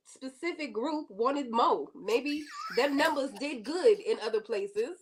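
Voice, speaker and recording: A woman co-hosting a casual podcast chat, animated and emphatic, often repeating herself. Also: high-pitched, takes it slowly, few pauses, husky, low-quality recording. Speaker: podcast co-host.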